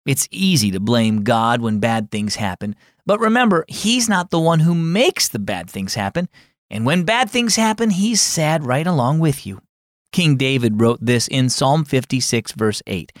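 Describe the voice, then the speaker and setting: A man hosts a children's devotional, reading a story in a gentle, scripted cadence. His voice swings freely up and down as he narrates. The recording is dry and close, with no room sound. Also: mid-range voice, big pitch swings, unhurried, no room sound. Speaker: host and storyteller.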